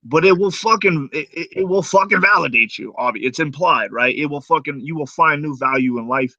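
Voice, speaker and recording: A man with a bright, tense voice, recorded dry and close. He talks in a laid-back, reflective way during a casual stream, with some casual swearing. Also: a little high, brisk, no echo, dull audio. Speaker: stream co-host. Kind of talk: casual chat.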